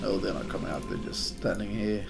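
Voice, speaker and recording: A native Swedish speaker from Sweden casts a game in English on a casual live stream, chatty and hesitant as he answers viewer chat. His low-pitched voice is brisk with vocal fry and sits over music.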